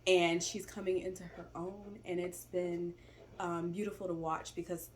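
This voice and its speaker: Reflective woman with a low voice. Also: level tone, normal speed, slight background noise. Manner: reflective, warm-hearted with frequent "you know" fillers. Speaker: stepmother co-host. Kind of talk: casual family chat.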